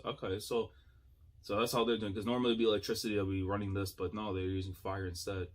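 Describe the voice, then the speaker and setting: A man giving casual, excitable reaction commentary as a YouTuber, thinking aloud with slang and frequent laughs. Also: lowish voice, fast.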